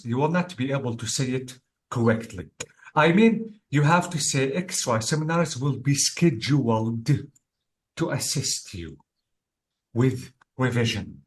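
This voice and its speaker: A male English exam tutor teaching one-on-one, explaining step by step and often checking in with "okay?". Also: medium pitch.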